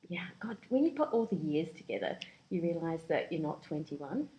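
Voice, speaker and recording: A woman's voice: low-pitched, very animated, moderate pace, dark tone, muffled recording. A woman with a New Zealand accent, a guest chatting casually in an interview, laughing often. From born in England, raised in Yemen and New Zealand.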